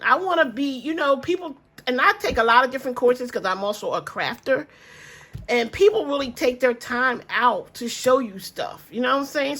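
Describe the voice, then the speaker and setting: A woman's voice: a little high, bright, forceful tone. Chatty grandmother vlogger, easygoing. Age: older. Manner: chatty, rambling, addresses viewers as y'all. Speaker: budgeting vlogger. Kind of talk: casual chat to viewers.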